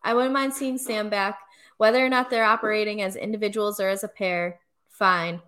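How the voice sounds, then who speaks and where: A young adult woman co-hosts a podcast, chatting casually with lots of fillers and frequent laughter. Her medium-pitched voice is a bit bright, with fairly even intonation at a normal speed.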